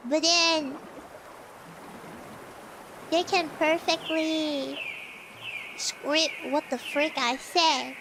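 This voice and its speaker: Super high squeaky girl w a lisp, slow talker, lots of hiss behind her mic. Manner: animated, dramatic outbursts. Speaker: streamer. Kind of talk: casual stream chat.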